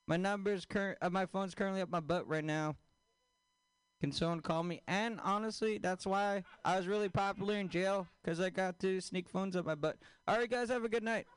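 A man doing a stand-up comedy set, deadpan, with crude punchlines and questions thrown at the audience. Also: high-pitched, moderate pace, clear, resonant tone.

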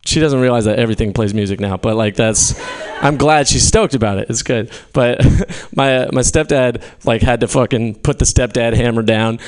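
A man's voice: mid-range voice, normal speed, few pauses, clear, resonant tone. A young man from California doing a stand-up set in a small venue, rambling, swearing often and laughing at his own jokes. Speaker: stand-up comedian. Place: small comedy venue with a live audience.

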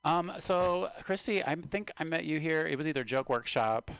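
A middle-aged man hosts a casual radio chat from a small studio, clowning around and teasing his guest. His pitch leaps up and down as he jokes. The room sounds dry and close, with no echo. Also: normal speed, gravelly, smooth. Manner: joking, animated, talks over his guest. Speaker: radio show host. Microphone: studio microphone.

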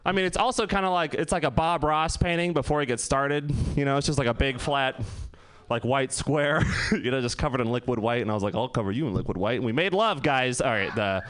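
A man's voice: mid-range voice, a little fast, a bit bright, clear, resonant tone. A man in his twenties doing a loose, profane stand-up set, laughing often as he tells stories. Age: 20s. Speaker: stand-up comedian.

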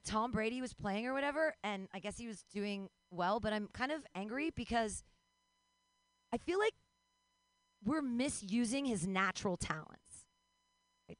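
A woman in her forties doing a rambling, self-deprecating stand-up comedy set, breaking into sudden high yelps and laughter. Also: no room sound. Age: 40s.

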